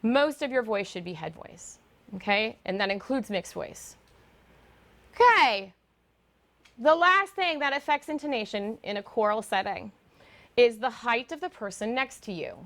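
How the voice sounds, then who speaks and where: A woman teaching singers about vocal muscles and intonation in a lively lecture, now and then singing short demonstration notes. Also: fairly high pitch, a little slow. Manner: animated, demonstrates sung notes. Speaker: guest voice teacher. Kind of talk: lecture to a choir.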